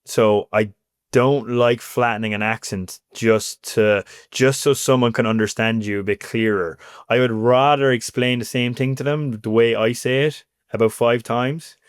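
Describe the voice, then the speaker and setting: A man's voice: medium pitch, a little slow, clear, resonant tone, no echo, clean studio sound. A man in his thirties from Cork with an Irish accent, talking casually as an interview guest and filling his talk with "you know" and "like". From Ireland. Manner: chatty, animated, lots of fillers like "you know".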